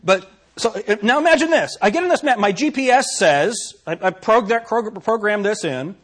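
Husky, animated preacher man. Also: high-pitched, normal speed, hardly any pauses. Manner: animated preaching with rhetorical questions to the congregation. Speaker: pastor. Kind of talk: sermon.

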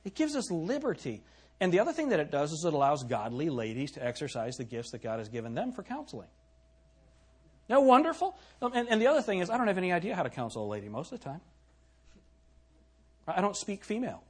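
Middle-aged male pastor, husky voice, lively pitch, conversational sermon full of questions to the pews. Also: fast talker. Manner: animated preaching, rhetorical questions to the congregation. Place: church.

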